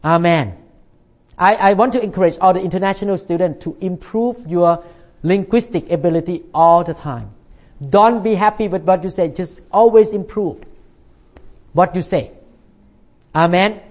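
A man's voice: high voice, moderate pace, pauses often, a little mellow, lo-fi sound. A male pastor delivering a sermon in slightly non-native English phrasing, emphatic and punctuating his points with "Amen".

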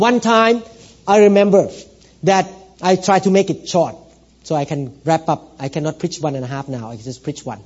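A middle-aged man preaching a sermon as pastor, earnest, moving from hushed storytelling to loud exhortation and calling for amens. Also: a little high, normal speed. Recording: dull lo-fi church recording.

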